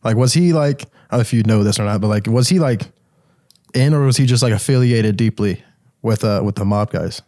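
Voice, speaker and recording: A man's voice: on the low side, brisk, warm tone, no echo. Hesitant male host in a dry room. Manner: hesitant, many fillers. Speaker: podcast host. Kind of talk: casual interview questions.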